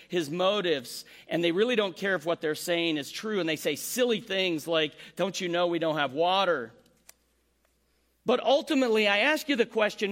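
A man preaching a sermon, animated, acting out the complaints he quotes. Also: high-pitched. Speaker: pastor.

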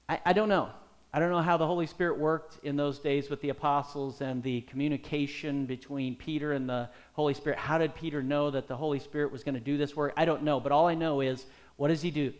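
Animated male pastor questioning his flock. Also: a little high. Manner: animated, asks the audience many questions. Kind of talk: sermon.

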